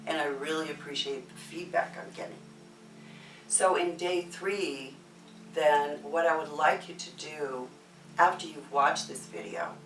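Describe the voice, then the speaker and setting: A middle-aged woman therapist teaching a course for therapists and telling a story with playful, animated delivery. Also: low voice. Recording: echoey room, distant mic, faint music.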